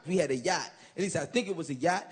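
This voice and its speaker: High-voiced man doing loud stand-up. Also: fast talker. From Chicago. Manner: animated and profane, shouting punchlines. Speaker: stand-up comedian. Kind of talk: stand-up comedy set. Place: comedy stage before a laughing live audience. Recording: loud live room noise.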